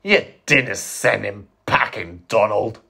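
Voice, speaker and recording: A man voicing a relaxed, teasing male steam engine in a fan story reading. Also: mid-range voice, moderate pace, slightly rough, heavily acted. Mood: easygoing. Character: easygoing sleepy Scottish steam engine, male.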